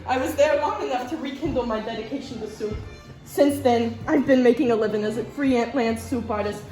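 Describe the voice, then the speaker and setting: A woman's voice: high-pitched, reverberant. A young woman contestant telling an overblown, mock-dramatic story for laughs. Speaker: contestant in a comedy cooking video. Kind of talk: mock-dramatic comic monologue.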